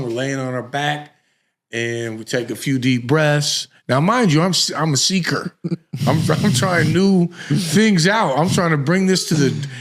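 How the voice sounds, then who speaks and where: A man hosting a podcast, telling a story in casual chat, animated and laughing, with slang and swearing. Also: a little high. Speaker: podcast host.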